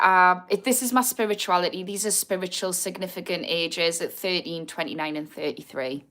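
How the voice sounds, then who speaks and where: A woman's voice: medium pitch, fairly bright tone. A blunt woman in her thirties with a Geordie accent, hosting a live recovery Q&A and answering viewer comments, swearing freely. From Newcastle, England. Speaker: addiction recovery livestream host. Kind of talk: live Q&A chat.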